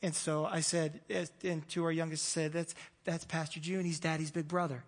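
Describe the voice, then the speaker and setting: A male pastor in his thirties with a high voice, preaching a sermon in a loose, conversational way. He jokes at his own expense and often restarts his sentences. His voice rings out with the long reverb of a large church hall. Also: little pitch movement, normal speed. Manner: conversational, self-deprecating humor with frequent restarts.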